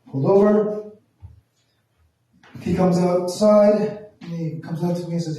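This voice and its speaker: A man from Toronto telling a profane, animated stand-up story, acting out the voices in quotes. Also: sits high, unhurried, pauses often. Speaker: stand-up comedian. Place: small performance room. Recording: echoey room from far off.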